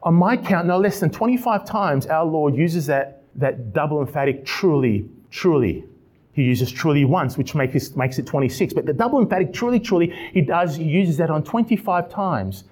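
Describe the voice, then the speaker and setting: A man pastor preaching an expository sermon with animated delivery and repeated emphatic phrases. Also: on the high side, moderate pace, hardly any pauses.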